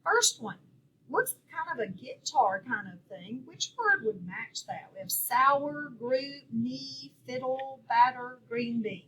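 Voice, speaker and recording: A woman teaching a phonics lesson, walking through a worksheet and sounding out each word clearly and patiently. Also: sits high, animated, slow, fairly bright tone, rough recording. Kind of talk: classroom lesson walkthrough.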